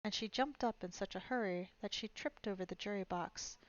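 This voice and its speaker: A woman's voice: mid-range voice, fairly quick. A woman streamer reading a storybook aloud, narrating steadily and expressively. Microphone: streaming mic. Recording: dull lo-fi stream audio.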